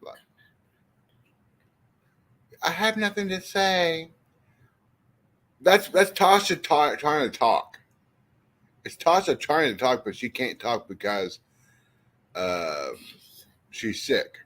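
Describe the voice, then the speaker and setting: Guy on a livestream, rambly and swears a ton, voice swings all over, kinda slow. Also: medium pitch. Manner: rambling, profane and animated, talking to chat. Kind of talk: casual livestream chat.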